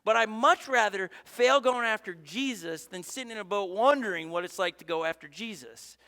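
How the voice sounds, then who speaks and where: A male pastor preaching a sermon in a conversational, energetic way, with asides and quick restarts. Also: sits high, long reverb tail.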